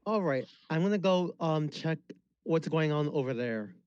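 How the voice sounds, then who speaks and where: A man playing a tabletop game, counting out his rolls aloud and calmly asking for help. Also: fairly high pitch, smooth, no echo, muffled recording. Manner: slow, counts dice aloud. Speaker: player.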